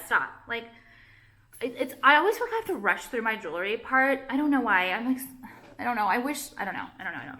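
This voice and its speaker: A young woman talks straight to her camera in a loose, rambling vlog. Her voice is bright and forward, and she keeps breaking off her own sentences with nervous restarts and "like". She sounds anxious and self-conscious as she chats. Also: mid-range voice, animated, fast talker. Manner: rambling, self-interrupting, heavy use of "like", anxious. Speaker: vlogger and jewelry designer. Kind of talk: casual rambling chat to camera.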